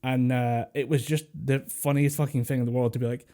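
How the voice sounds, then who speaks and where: Scottish man, podcast co-host, casual rambling chat, swears a lot, laughs often, mellow tone, voice call. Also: mid-range voice, flat delivery, brisk, hardly any pauses. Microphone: Discord voice call.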